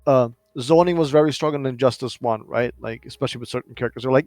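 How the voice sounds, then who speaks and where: Measured, explaining podcast man, dry sound. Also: mid-range voice, a little mellow, no echo. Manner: measured, explaining, many fillers. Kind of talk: casual gaming podcast chat.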